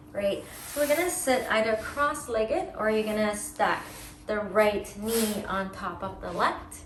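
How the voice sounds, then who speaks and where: Slow, calm woman yoga teacher. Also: mid-range voice, echoey room, slight background noise. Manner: slow, soothing breath cues. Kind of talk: guided yoga class instruction.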